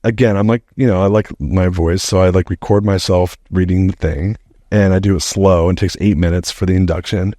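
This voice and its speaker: A man's voice: low-pitched, a little fast, no room sound, studio quality. A middle-aged man, a podcast guest, telling a story in a casual, rambling way, swearing freely and saying "like" often. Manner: animated, rambling, heavy use of "like", swears freely.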